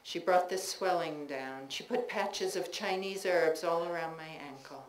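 Memoir reader, woman, wry expressive delivery, lowish voice, roomy bookstore acoustics. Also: unhurried. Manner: wry, expressive storytelling with warm laughter. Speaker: writer reading her work. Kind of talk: live memoir reading. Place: bookstore reading, indoors. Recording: roomy bookstore with faint noise.

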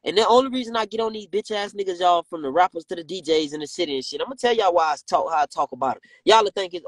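A man's voice: high voice, animated, fast talker, hardly any pauses, no room sound, poor audio. A man ranting on a phone live stream, brash and confrontational, firing profane insults at his critics. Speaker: rapper and comedian on a live stream.

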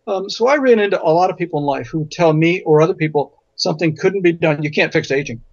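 Male interview guest, high voice, emphatic and anecdotal, muffled lo-fi sound. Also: quick pace, a little mellow, no room sound. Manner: emphatic storyteller who repeats words for stress. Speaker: physician and guest. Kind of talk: interview conversation. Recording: dull lo-fi audio.

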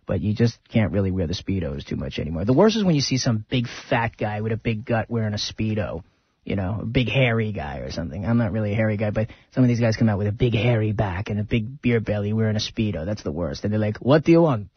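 A man's voice: on the low side, lively intonation, quick pace, slightly rough, no room sound, muffled recording. A man hosting a radio show, chatting casually and rambling through film stories.

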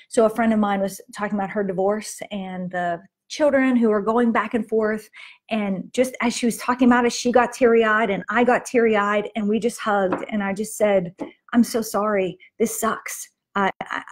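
A woman's voice: fairly high pitch, darkish tone. A middle-aged woman hosting a faith-based moms' talk, chatting conversationally with frequent restarts and fillers. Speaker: host of a moms' ministry talk. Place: Las Vegas.

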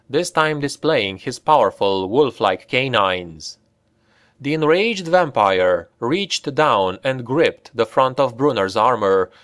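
A male narrator reading a dark fantasy story aloud. His voice sits at a middle pitch, and he narrates slowly and deliberately, giving the action a dramatic weight. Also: dry recording, clean studio sound. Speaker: audiobook narrator.

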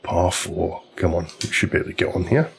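A man's voice: deep voice, expressive, fairly quick, vocal fry, heavy background noise. A man casually telling a long, rambling story while commenting on a golf video game. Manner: chatty storyteller, loose and informal, many restarts.

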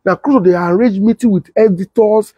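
A young adult man with a Nigerian Pidgin English accent, telling a story and acting out the voices of others in a husky tone. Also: brisk, no echo. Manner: switches to high excited voice when quoting others. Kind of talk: animated storytelling with acted-out quotes.

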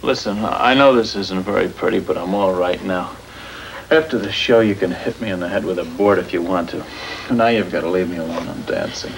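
Anguished young dancer, 1940s film, lowish voice. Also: male voice, brisk, vocal fry, a little hiss or hum, low-quality recording. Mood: tense. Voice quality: anguished, pleading. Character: tormented, fragile young male dancer. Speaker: ballet dancer.

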